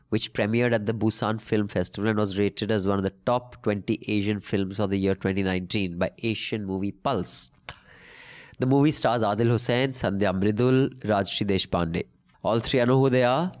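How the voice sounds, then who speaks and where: A man's voice: on the low side, normal speed. A man with an Indian English accent hosting a podcast, casually bantering and reading out listener mail, irreverent and slipping into Hindi phrases. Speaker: podcast host.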